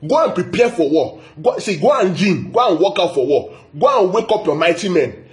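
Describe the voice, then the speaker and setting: A man's voice: high voice, sing-song, moderate pace, hardly any pauses. A man preaching a sermon as a pastor, emphatic and repetitive, often checking in with the congregation. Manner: repetitive, emphatic, asks the audience "yeah?". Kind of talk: sermon teaching.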